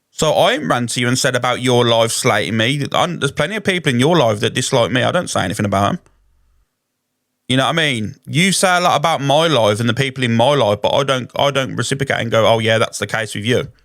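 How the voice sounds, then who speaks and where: A man's voice: medium pitch, fairly bright tone, no echo, studio quality. A man on a live stream, defending himself step by step in a heated exchange. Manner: defensive, explaining himself point by point. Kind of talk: heated back-and-forth.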